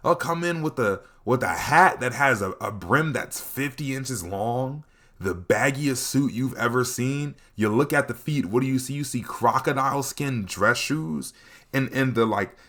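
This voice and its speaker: Young man, vlogger, comedic storytime, animated, bright tone, mid pitch. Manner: animated, laughing, repeats catchphrases.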